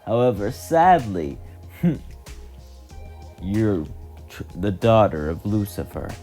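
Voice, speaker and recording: A man voicing a scornful male angelic exterminator who sneers and threatens slowly. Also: on the low side, sing-song, warm tone, faint music behind, full character voice. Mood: sneering.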